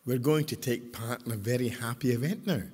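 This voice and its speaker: A man's voice: mid-range voice, a little fast, darkish tone, husky. An older man with a Scottish accent, talking to a congregation in a chatty, joking way and asking the audience questions. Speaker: speaker at a church service. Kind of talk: storytelling talk to a congregation. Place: large church hall. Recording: hall reverb.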